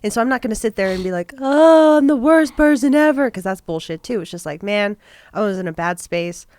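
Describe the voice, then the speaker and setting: A woman's voice: fairly low pitch, fast talker, no room sound. A woman co-hosting a relationship talk show, talking frankly and casually with some swearing about owning her mistakes. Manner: frank, profane, self-accountable. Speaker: podcast co-host. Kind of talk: candid casual chat.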